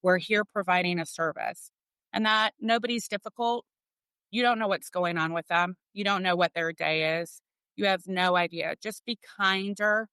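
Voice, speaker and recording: A middle-aged woman speaking earnestly into a close podcast mic, her voice bright and lively, smooth and clear. She stresses her points by saying them again. The sound is dry, with no room in it. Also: lowish voice, normal speed, no echo. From Florida. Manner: earnest, emphatic, repeats words for stress. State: tearful, emotional. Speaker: restaurant owner, guest. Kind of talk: heartfelt podcast interview.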